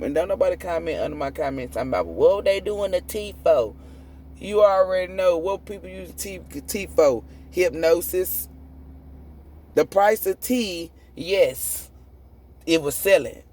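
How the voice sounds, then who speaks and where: A woman's voice: low voice, lively intonation, normal speed, dark tone. A woman tarot reader delivering a profane, preachy spiritual rant, emphatic and prone to repeating and restarting words when fired up. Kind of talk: ranting spiritual monologue.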